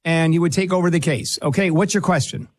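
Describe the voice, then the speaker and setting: A man hosting a call-in advice show, brisk and impatient, often cutting the caller off. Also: on the high side, darkish tone, no echo, clean studio sound. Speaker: radio show host.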